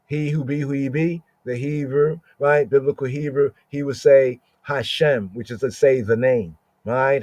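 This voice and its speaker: A man hosting a podcast, teaching scripture slowly and repetitively and often asking "right?" as he explains words. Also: mid-range voice, darkish tone, dry recording.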